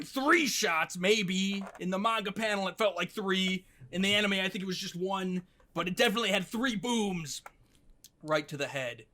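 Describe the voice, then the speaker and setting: Bright, high-voiced young man recapping. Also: moderate pace. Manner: animated storytelling, briefly mimicking characters, swearing and laughing. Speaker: podcast host recapping an anime. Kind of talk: casual podcast recap.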